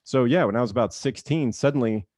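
A former baseball player in his thirties tells stories casually in an interview, talking quickly in a mid-range voice. He's an animated storyteller who acts out the quotes and laughs often, and the recording is dry with clean studio sound.

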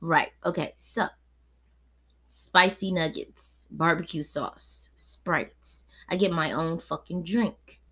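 A woman, hosting a podcast and telling a story in a casual, profane, animated way that swings between laid-back and heated. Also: on the low side, slow pace, breathy edge. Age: 20s. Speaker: podcast host.

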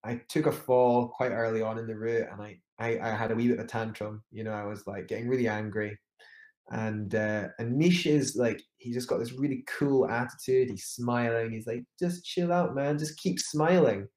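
A man's voice: medium pitch, level tone, normal speed, darkish tone, echoey room. A man telling a climbing story in a casual interview, rambling with many restarts and fillers. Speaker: climber guest.

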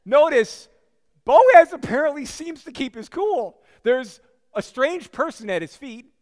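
A man's voice: very high voice, very animated, a little slow, a little mellow, in a large hall. A man preaching a sermon as a pastor, telling the story in a conversational way with frequent asides to the congregation.

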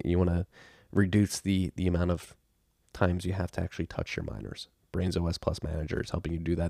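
A man's voice: deep voice, a little mellow, dry recording, studio quality. A man hosting a podcast, reading sponsor spots in a loose, offhand way and spelling out web addresses. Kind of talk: casual ad read.

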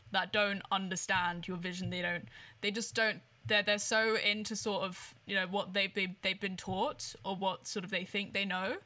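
A woman's voice: mid-range voice, sharp tone. A woman hosting a podcast interview, encouraging her guest and drawing lessons out of the guest's story in a casual way. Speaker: podcast host.

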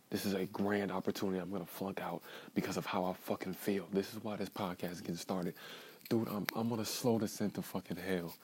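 A young man from Georgia hosting a solo podcast, talking in a profane, rambling, emotionally raw way that swings from muttering to loud outbursts. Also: deep voice, fairly even intonation, brisk, slightly rough, low-quality recording. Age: young adult. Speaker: podcast host.

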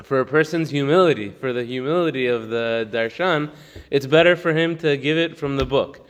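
A Torah teacher leads a casual class, quickly reading a text aloud in Hebrew and then explaining it in English, often laughing. He has a mid-range voice, and the recording has a long reverb tail.

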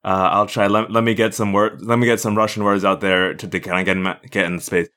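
A man's voice: lowish voice, flat delivery, fast, a bit bright. A man co-hosting a casual chat with a wry, joking manner.

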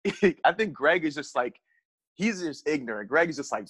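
Husky, excitable man, dry close sound. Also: on the high side, brisk, no room sound. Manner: excitable, laughing, slangy. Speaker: podcast guest. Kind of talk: casual chat about fights.

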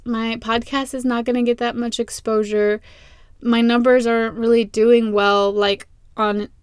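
Chatty young woman, smooth dry voice. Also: on the high side, no room sound. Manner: chatty, animated, repeats phrases, laughs at herself. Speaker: podcast host. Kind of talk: casual faith podcast monologue. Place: small closet. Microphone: close podcast mic.

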